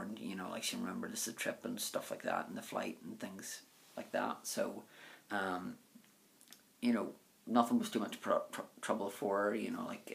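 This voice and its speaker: A man's voice: low-pitched, vocal fry, a bit bright. A man vlogger answering viewer questions in a casual, rambling monologue full of filler words. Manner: rambling, full of "um", "you know" and "like".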